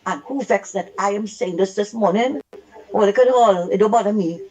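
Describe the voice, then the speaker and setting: A woman's voice: mid-range voice, normal speed, darkish tone, poor audio. A woman calling in to a radio talk show, speaking indignantly and emphatically and repeating her points. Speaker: radio caller.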